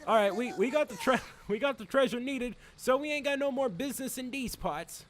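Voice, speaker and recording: A man's voice: extremely high pitch, lively intonation, a little fast, voice pushed up. A man voicing a brash male goon henchman in a put-on Irish accent, slipping in and out of it. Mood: swaggering. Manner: gruff, cocky, slips in and out of the accent.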